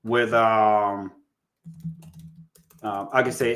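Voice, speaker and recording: A man's voice: fairly low pitch, little pitch movement, takes it slowly, pauses often, a bit bright. Man coaching casually on sales calls. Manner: conversational, addresses listeners as guys, acts out call lines. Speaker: real estate coach. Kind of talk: casual teaching monologue.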